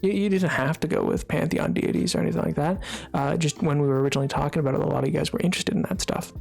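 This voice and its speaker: Relaxed gamer streamer rambling to chat, vocal fry, middle pitch, faint music behind. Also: very fast. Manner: rambling, full of fillers and restarts; relaxed, drowsy delivery. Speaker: livestreamer. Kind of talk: casual chat with a live stream audience while gaming.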